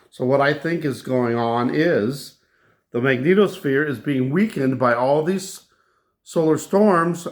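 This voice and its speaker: A man hosting his own channel, recounting a dream in a slow, halting casual monologue with many restarts. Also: mid-range voice. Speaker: channel host.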